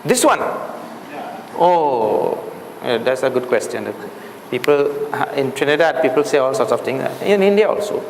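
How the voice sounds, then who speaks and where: A man's voice: medium pitch, expressive, measured pace. A man teaching a Sanskrit class, patiently explaining and repeating words for the students, asking them questions as he goes. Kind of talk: classroom lecture. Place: classroom or hall. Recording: echoey hall, faint room noise.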